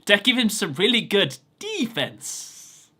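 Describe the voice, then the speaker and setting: A man voicing a streetwise young male card duelist with a put-on Brooklyn accent, talking loud, slangy and cocky. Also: high-pitched, huge pitch swings, extremely slow, exaggerated voice. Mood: brash, cocky.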